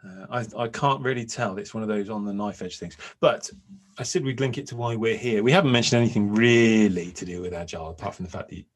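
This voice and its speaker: Co-host type: a husky, low-voiced man who muses and hesitates, talking casually from home. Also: fast. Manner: thoughtful, musing, hesitant. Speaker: podcast co-host and agile coach. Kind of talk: casual chat.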